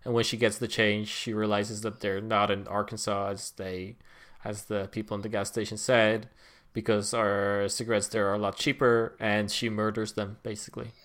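A man with a low voice chats casually about a movie he watched. He rambles and restarts his sentences as he goes, sounding relaxed and unscripted. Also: normal speed. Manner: rambling, hesitant, many restarts. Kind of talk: casual film review chat.

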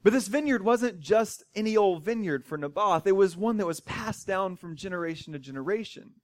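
Casting: male pastor, relaxed conversational sermon with dry humor, high voice, dry close sound. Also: brisk, no room sound. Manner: conversational, wry asides.

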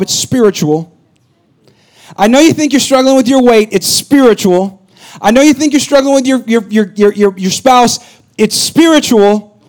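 High-voiced preacher man, lively and joking. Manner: lively storytelling preacher, repeats punchlines, jokes with the congregation. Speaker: pastor. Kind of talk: sermon.

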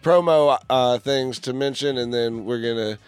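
A man's voice: mid-range voice, moderate pace, clear, resonant tone, no echo. A man hosting a radio interview show, casual and rambling, joking and laughing often.

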